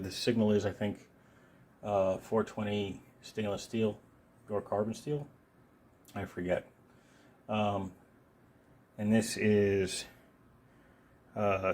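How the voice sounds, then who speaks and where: Guy with a lowish voice rambling through a multitool review, lots of um and uh, super laid back. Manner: relaxed, meandering, frequent ums and uhs. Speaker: gear reviewer. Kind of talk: unscripted product review. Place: filming himself while handling the tool.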